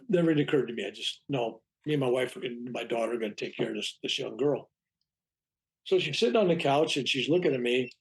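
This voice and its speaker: Older man, reverend, gravelly voice, mid-pitched, rambling storyteller, acts out quoted lines. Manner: rambling, acts out quoted dialogue, frequent restarts. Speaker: reverend and interview guest. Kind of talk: anecdotal storytelling in conversation.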